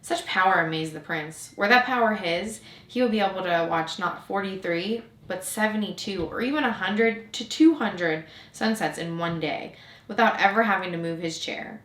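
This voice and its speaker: A woman narrating a storybook aloud in a gentle, even storytelling manner. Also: mid-range voice, moderate pace. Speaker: storybook reader. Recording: roomy echo.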